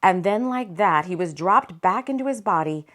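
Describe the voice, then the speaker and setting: A woman, the author, narrating her novel in an expressive, dramatic audiobook reading. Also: lowish voice, normal speed.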